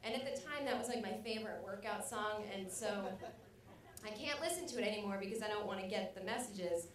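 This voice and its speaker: A young woman doing a stand-up set, rambling and self-mocking with loud acted outbursts. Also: medium pitch, brisk, recorded from a distance, a crowd in the background. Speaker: stand-up comedian. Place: comedy club stage. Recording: echoey club recording from afar.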